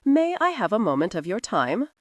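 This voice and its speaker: A woman's voice: mid-range voice, very animated, normal speed, no echo. A woman narrator voicing a weary, restless young earl who speaks in clipped, curt lines.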